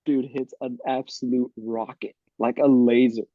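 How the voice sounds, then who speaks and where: Mellow man in his thirties, animated storyteller. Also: mid-range voice, unhurried, dry recording, highs cut off. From Miami. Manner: lively, laughing anecdotes with quoted voices. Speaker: guest, former college baseball player. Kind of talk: casual storytelling on a podcast.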